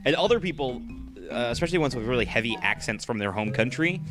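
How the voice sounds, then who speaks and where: A man's voice: mid-range voice, expressive, fast talker, music in the background. A young man from Maine chatting and explaining things while gaming, laughing often. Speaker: co-host, editor. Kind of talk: casual gaming banter.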